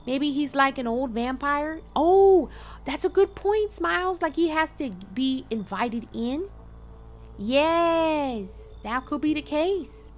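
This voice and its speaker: A woman giving casual gameplay commentary, animated and chatting straight to her viewers with quick exclamations. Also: high voice, a little hiss or hum. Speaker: gaming video creator.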